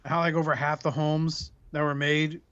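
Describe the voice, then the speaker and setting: A male podcast host who tells jokey, profane stories in casual banter. His voice sits a bit high for a man. The audio is muffled and lo-fi. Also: moderate pace, clear, resonant tone, dry recording. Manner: joking, profane, animated storytelling.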